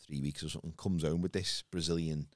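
A man's voice: very deep voice, quick pace, no room sound, clean studio sound. A man in his forties, a stand-up comedian, telling stories in casual chat and swearing freely. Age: 40s. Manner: animated storyteller, swears freely.

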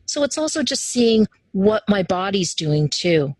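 A woman's voice: mid-range voice, sing-song, a little slow, darkish tone, dry recording, low-quality recording. A woman guest in a casual interview, talking animatedly and acting out quoted voices as she tells her stories. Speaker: interview guest, human design teacher.

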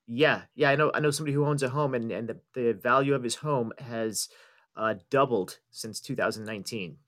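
A man co-hosts a podcast in casual conversation, hedging his points with frequent ums and false starts. His voice sits at an ordinary middle pitch. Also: a little fast, fairly bright tone. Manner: hesitant, lots of ums and restarts. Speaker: podcast co-host. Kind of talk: casual chat.

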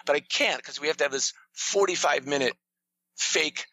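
Talking a little fast, this male playwright and storyteller spins a lively backstage story in a conversational interview, dramatizing quotes with sudden pitch jumps, on a rough recording.

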